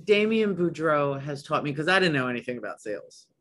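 A man's voice: a little high, big pitch swings, fairly quick, a bit bright. A man who owns a business, speaking as a podcast guest with enthusiasm and many trailing restarts. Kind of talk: casual podcast conversation.

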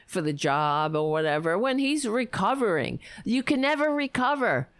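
A woman's voice: mid-range voice, big pitch swings, no room sound. Indignant woman hosting a political talk show. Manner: indignant, profane, halting restarts. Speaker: podcast host.

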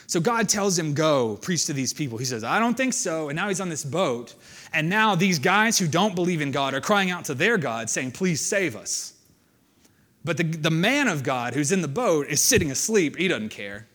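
Animated man preaching a conversational sermon. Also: a little high. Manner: conversational, animated, reads scripture then comments.

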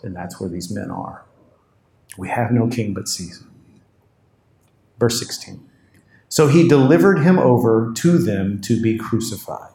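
A man's voice: lowish voice, dark tone, echoey room. A man preaching a sermon, telling the story with animation and voicing the people in the text. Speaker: pastor.

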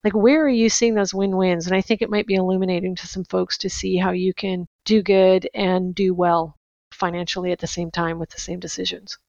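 Female moderator, gravelly voice, casual and chatty, dry dull recording. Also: fairly low pitch, level tone, fairly quick, a little mellow, no room sound. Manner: conversational, frequent "like" and "right". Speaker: panel moderator. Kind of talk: podcast panel discussion.

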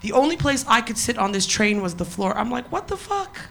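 Bright-voiced woman doing profane stand-up. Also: medium pitch, a little fast, gravelly, slight background noise. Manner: profane, punchy. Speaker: stand-up comedian. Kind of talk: stand-up set. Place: live comedy stage.

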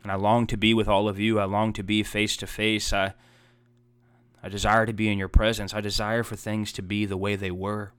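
Low, smooth-voiced earnest male preacher. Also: level tone, fairly quick, a bit bright, dry recording. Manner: earnest, heartfelt preaching with rising emphatic repetitions. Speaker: pastor. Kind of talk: sermon.

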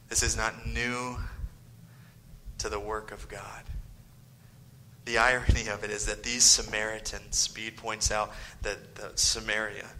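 A man preaching a sermon as pastor, swinging from loud emphasis to hushed whispered lines and firing off mocking rhetorical questions. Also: lowish voice, flat delivery, slow, pauses often, slight background noise, poor audio.

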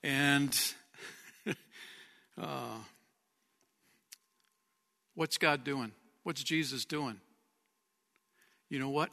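Bright-voiced pastor preaching in a hall. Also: male voice, fairly high pitch, takes it slowly, vocal fry, pauses often. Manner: lively, chuckling, conversational preaching. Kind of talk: sermon. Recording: long church-hall reverb.

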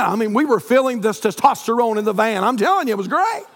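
A man, preaching a sermon as pastor, climbing to near-shouts and dropping to soft prayer. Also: high-pitched, lively intonation, fast talker, few pauses. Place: church sanctuary. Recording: long reverb in a church hall.

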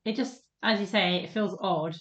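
A woman's voice: medium pitch, moderate pace, fairly bright tone. A woman co-hosting a podcast in casual chat, agreeable and laughing often. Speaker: podcast co-host. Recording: echoey room, dull lo-fi audio.

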